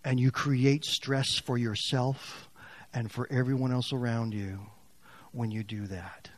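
A man preaching a sermon as pastor, swinging from loud, raised passages to quiet, near-whispered lines. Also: mid-range voice, fairly even intonation, measured pace, dry recording.

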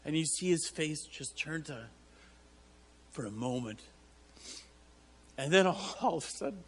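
A man preaching a sermon to his church, halting and repeating words as he tells a story, often breaking into laughter. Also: on the high side, husky. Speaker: pastor.

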